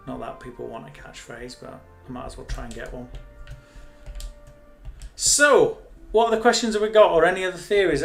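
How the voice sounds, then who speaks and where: Hosting a live game stream, a man chats casually and rambles, joking at his own expense. His voice is a little high, with vocal fry.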